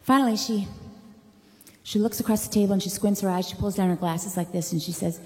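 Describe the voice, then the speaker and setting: A woman from Long Island with a Long Island accent, a singer telling a comic anecdote to an audience, lively and self-mocking with chatty asides. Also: medium pitch, brisk, in a large hall. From Long Island, New York.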